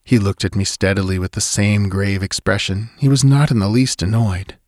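A man reads a literary story aloud in a measured, somber first-person voice. His voice is low-pitched, and the recording is dry and close. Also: fairly even intonation, no room sound. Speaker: audiobook narrator. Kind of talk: scripted narration of a literary tale.

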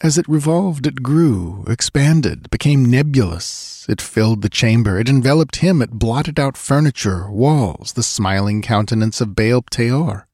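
A man narrating an adventure audiobook in a measured, dramatic storytelling manner. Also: medium pitch, animated, darkish tone, husky, dry recording, clean studio sound. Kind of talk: scripted narration.

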